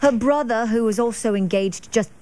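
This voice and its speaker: A woman's voice: a little high, normal speed, darkish tone. Chatty woman hosting a gossip segment. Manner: chatty, laughs often. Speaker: entertainment news segment host. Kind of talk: casual gossip chat.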